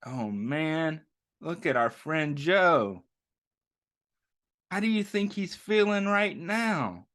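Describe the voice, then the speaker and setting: Slow, lively man reading to kids. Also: fairly high pitch. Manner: gentle, questioning teacher talk to children. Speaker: children's story time host. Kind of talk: interactive picture-book read-aloud for kids.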